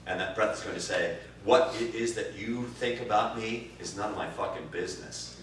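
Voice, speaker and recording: Animated improv teacher, man, echoey room. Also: moderate pace. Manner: animated, swearing, swings from low musing to loud bursts. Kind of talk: interview answers. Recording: distant roomy recording with faint noise.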